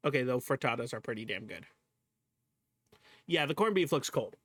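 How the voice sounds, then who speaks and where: Speaking briskly at a medium pitch with no room sound, a male streamer chats with his audience while reacting to a video. He laughs frequently, swears openly and reacts aloud to what he's watching.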